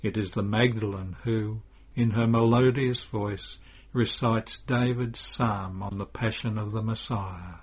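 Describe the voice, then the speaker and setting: A man's voice: on the low side, steady tone, measured pace, slightly rough. A man reading a devotional religious narrative aloud in an earnest, impassioned way. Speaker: reader. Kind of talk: dramatic scripture reading.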